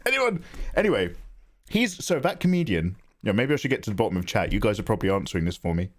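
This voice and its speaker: Lively, chatty man streaming. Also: fairly low pitch. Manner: chatty, rambling, quick to joke, reads chat aloud. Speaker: live-streaming digital artist. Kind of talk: casual livestream chat.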